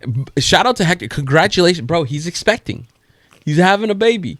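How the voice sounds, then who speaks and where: A slangy man co-hosting a podcast, telling stories in casual chat and acting out the people in them. His fairly high voice swings widely as he talks. The sound is dry and close. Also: a little fast, dry recording. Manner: animated slangy storyteller, acts out quoted people. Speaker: podcast co-host.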